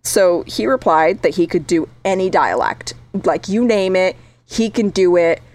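A woman's voice: on the low side, measured pace, darkish tone. A woman co-hosting a podcast in casual chat, talkative and prone to laughing and going off on tangents. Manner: chatty, tangential, laughs often. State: losing her voice. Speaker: podcast co-host.

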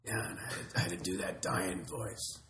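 A middle-aged man telling stories in a casual chat, acting out lines with lively comic emphasis. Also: sits low, normal speed. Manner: animated storyteller, acts out lines with comic emphasis. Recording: roomy echo with faint noise.

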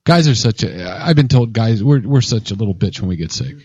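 A man co-hosting a casual podcast, telling stories in a lively, joking way and acting out what people said. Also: fairly low pitch, a little fast, slightly rough, no echo, highs cut off. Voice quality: lively, joking storyteller who acts out quotes. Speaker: podcast co-host. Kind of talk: casual chat.

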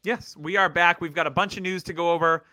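A man's voice: fairly high pitch, fairly even intonation, a little fast, bright, forceful tone, dry recording. A man hosting a podcast in casual chat, joking and teasing his co-hosts. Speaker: podcast host.

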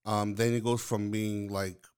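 A man's voice: lowish voice, level tone, a little slow, darkish tone, clear, resonant tone. A man from New York chatting casually, rambling and searching for his words with lots of fillers. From New York, Lower East Side Manhattan. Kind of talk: casual chat.

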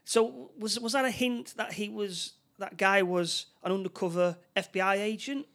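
A man talks through a film's plot in a relaxed chat, his pitch sitting a bit higher than most men's. He stops and restarts often and keeps checking in with tag questions. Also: moderate pace, creaky. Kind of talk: casual film recap chat.

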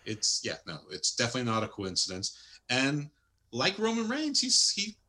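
A man's voice: mid-range voice, normal speed. A man co-hosting a casual wrestling podcast, opinionated and full of restarts. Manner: opinionated, lively, stumbling restarts. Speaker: podcast co-host.

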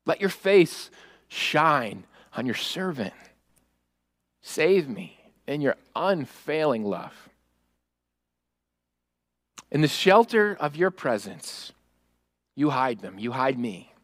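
Animated pastor preaching a sermon. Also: male voice, dry recording, clean studio sound. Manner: animated, acts out prayers and voices in a raised pitch, laughs often.

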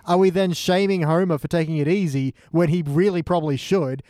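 A man's voice: on the high side, brisk, dark tone, dry recording, clean studio sound. A man in casual podcast chat, wry and mock-informative.

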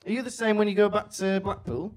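A man from Wales with a North Welsh accent, co-hosting a live comedy podcast and taking audience questions in an animated, chatty way. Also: high-pitched, fast. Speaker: podcast co-host.

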